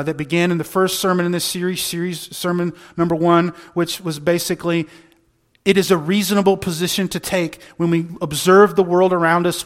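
A male pastor delivers a sermon in a notably high voice. He is earnest and argumentative, pressing rhetorical questions and often restarting his words mid-thought. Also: a bit bright.

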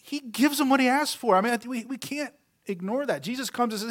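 Very high in pitch and quick in pace, this male pastor preaches in a conversational style. Rhetorical questions fill his sermon, and his phrases fade out softly.

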